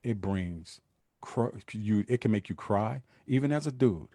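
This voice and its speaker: A man's voice: fairly low pitch, a little slow, no room sound, clean studio sound. A man hosting a podcast, talking casually to his listeners in street slang and acting out little scenes as he goes. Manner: street slang, animated asides and acted-out quotes. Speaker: podcast host. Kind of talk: casual solo talk to listeners.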